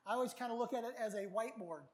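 Middle-aged pastor, folksy and lively, preaches at a baptism and now and then shouts to the crowd. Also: male voice, very high-pitched, rapid-fire. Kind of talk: outdoor baptism sermon.

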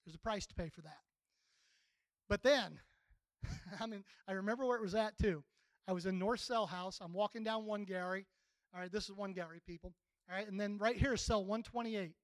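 A man's voice: sits high, brisk, pauses often, no echo, low-quality recording. A man in his sixties preaching a sermon in a folksy, plainspoken, conversational way.

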